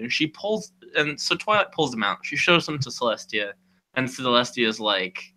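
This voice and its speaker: A man's voice: medium pitch, normal speed, sharp tone. A man co-hosting a podcast, casually retelling a story with lots of "you know" and "like", acting out the characters' lines. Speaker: podcast co-host.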